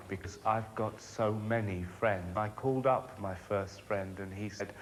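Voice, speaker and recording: A man performing a spoken-word monologue in a measured, rhythmic storytelling manner. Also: lowish voice, fairly even intonation, slight background noise.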